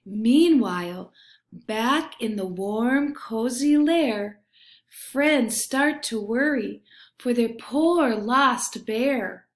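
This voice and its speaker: A woman reading a children's picture book aloud, gentle and expressive, with hushed refrains. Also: fairly high pitch, drawn-out words. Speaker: storybook reader. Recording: roomy echo.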